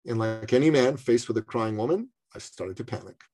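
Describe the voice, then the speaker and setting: A middle-aged man from Canada telling a personal story in conversation, animated and acting out the voices of others. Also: medium pitch, brisk. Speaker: speaker and business coach.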